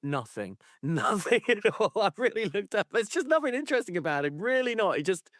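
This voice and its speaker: Bloke on a podcast, a bit higher voice, jokey and sardonic, dry close mic. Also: male voice, big pitch swings, fairly quick, a bit bright, dry recording. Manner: playful, sardonic, chuckling asides. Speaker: podcast co-host. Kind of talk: casual chat.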